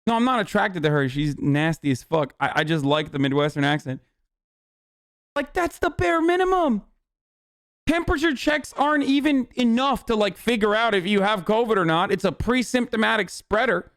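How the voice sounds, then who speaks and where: A man reacting to a video on a live stream, casual, profane and excitable. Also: high-pitched, moderate pace, no echo, clean studio sound.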